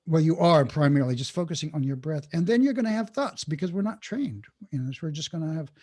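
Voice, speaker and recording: A man, a podcast guest, explaining mindfulness in an animated way and acting out inner thoughts. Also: a little high, fast. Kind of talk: podcast interview talk.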